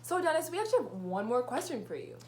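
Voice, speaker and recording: A woman's voice: sits high, sing-song, quick pace. A teenage girl reading her lines as co-host of a scripted student talk show. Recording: echoey room with faint background noise.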